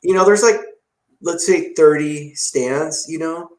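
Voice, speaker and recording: A man's voice: a little high, measured pace. Guy chatting about his detail shop, acts out the convos, kinda echoey room. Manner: animated, acts out dialogue in story. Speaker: detailing shop owner, guest. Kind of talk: casual podcast storytelling. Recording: roomy echo.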